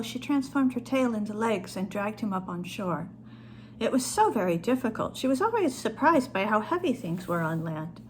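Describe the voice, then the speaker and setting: A woman author reading her own short story aloud in a calm storytelling manner. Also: fairly high pitch, slight background noise.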